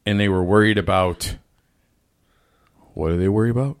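A man venting about his fast-food restaurant job in casual chat, swearing constantly and ranting with animation. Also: on the low side.

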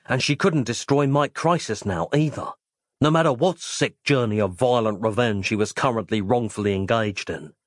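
A man giving an expressive, playful reading of a comic story, as its narrator. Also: medium pitch, normal speed, no echo, studio quality. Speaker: audiobook narrator.

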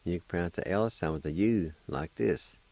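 A man hosting a radio language lesson, spelling out words and repeating each syllable deliberately. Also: deep voice, vocal fry, a little mellow, dry recording. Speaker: language teacher and radio host.

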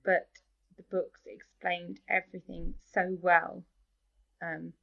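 Gravelly-voiced woman on a lo-fi podcast call. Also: on the low side, level tone, slow. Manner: enthusiastic, agrees a lot. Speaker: podcast panelist. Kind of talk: casual chat. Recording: dull lo-fi recording.

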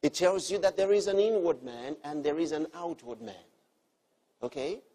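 Man, preacher, sermon, slightly high voice, husky, earnest, repeats key lines. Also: expressive, moderate pace. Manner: earnest teaching, repeats key phrases, swings between soft and emphatic.

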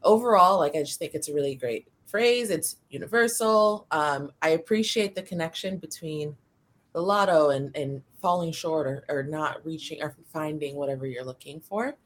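A woman's voice: low-pitched, normal speed. A woman appearing as a guest on a podcast, easygoing and thoughtful in casual chat, who works as a gym trainer.

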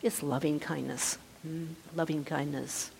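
A woman meditation teacher giving a gentle, conversational dharma talk, often restarting her sentences. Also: low-pitched, fairly even intonation, unhurried, gravelly, slight background noise. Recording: reverberant hall.

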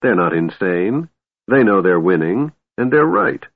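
Verbitterter, drohender Kriegsherr, von einem Mann gelesen, lebhafte Betonung, enger telefonartiger Klang. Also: male voice, fairly low pitch, very animated, a little slow, gravelly, no echo, heavily acted. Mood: bitter. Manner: scowling, bitter, snorting. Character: bitter, menacing male warlord, quick to anger. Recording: narrow phone-like sound, dry.

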